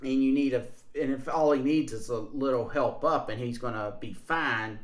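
Man, blunt casual talk, mid pitch, echoey room sound. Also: moderate pace. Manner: blunt, rambling, restarts a lot. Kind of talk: casual conversation.

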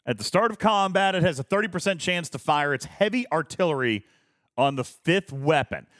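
Man hosting a gaming stream, animated pitch, rambling and laughing, dry close mic. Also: fairly quick, no echo. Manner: rambling, laughs often, reads chat aloud. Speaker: streamer host. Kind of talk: casual live-stream chat.

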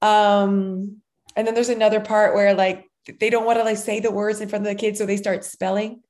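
A woman in her thirties tells a long story in a loose, rambling way, full of "like" and "um". She keeps slipping into brief quoted voices, and her pitch sits in an ordinary middle range. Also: flat delivery, moderate pace, a little mellow. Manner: rambling, filler-heavy storytelling with acted-out quotes. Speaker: podcast co-host, mother of a child actor. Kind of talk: casual chat.

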